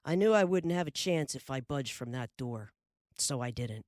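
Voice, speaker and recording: A woman's voice: rumbling low, animated, normal speed, darkish tone, no echo, clean studio sound. A woman doing a folksy pioneer father. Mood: lively. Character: hearty frontier father, middle-aged man.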